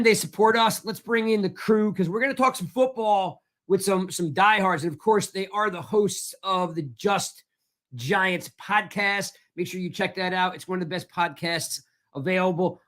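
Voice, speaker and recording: High-voiced man hosting a sports podcast. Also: fairly bright tone. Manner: friendly, rambling with restarts. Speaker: podcast host. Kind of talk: casual sports podcast chat.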